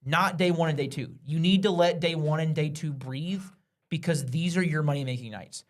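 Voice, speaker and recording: A man's voice: on the high side, normal speed. A man hosting a podcast, giving opinionated, casual commentary on a football draft. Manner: opinionated, talks over others. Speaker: podcast host. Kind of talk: casual sports chat.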